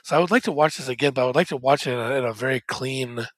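A man's voice: mid-range voice, rapid-fire, no echo. Rambling casual man, dry close sound. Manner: rambling, many fillers and restarts. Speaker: podcast co-host. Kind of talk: casual chat.

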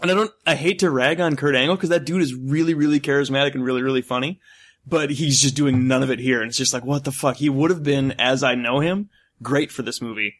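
A man co-hosting a casual movie review chat, animated and joking, laughing often as he riffs. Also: mid-range voice, fast. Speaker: podcast co-host.

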